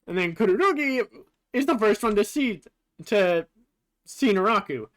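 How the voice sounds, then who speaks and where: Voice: mid-range voice, lively intonation, moderate pace. A streamer casually commenting over gameplay while comparing translations, thinking aloud with fillers and the odd swear word.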